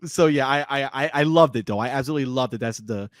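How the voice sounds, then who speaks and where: A man co-hosting a movie podcast, retelling scenes in an animated, excitable way in casual chat. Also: mid-range voice, fast, no room sound, clean studio sound. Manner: animated storyteller, acts out scenes. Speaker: podcast co-host.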